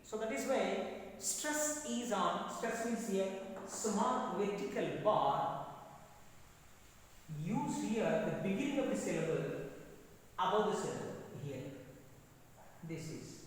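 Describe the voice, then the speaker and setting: A man with a Telugu accent, a native Telugu speaker, teaching an English class in a slow, deliberate lecture style and repeating key words for his students. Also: high-pitched, animated, far from the mic, slight background noise. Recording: echoey hall recorded from afar.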